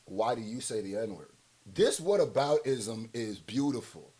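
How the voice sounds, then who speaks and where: A man's voice: medium pitch, expressive, a little slow, mellow. A man hosting casual reaction commentary, talking bluntly with slang and rhetorical questions and laughing often. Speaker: commentary host.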